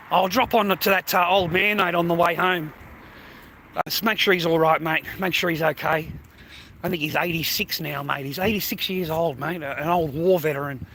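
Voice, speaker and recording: A man's voice: high-pitched, bright, forceful tone. A man live streaming on a phone while he walks down a city street, talking in a blunt, profane, rambling way. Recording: faint street noise.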